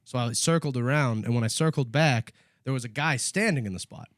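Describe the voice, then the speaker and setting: A man co-hosting a casual comedy podcast, laughing often and shouting mock-angry bits as he tells stories. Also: mid-range voice, brisk, dry recording, clean studio sound. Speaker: podcast co-host.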